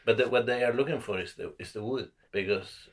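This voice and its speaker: A comedian from South America with a South American Spanish accent, chatting casually as a podcast guest in a halting, joking way. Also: male voice, mid-range voice. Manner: halting, repeats words, joking.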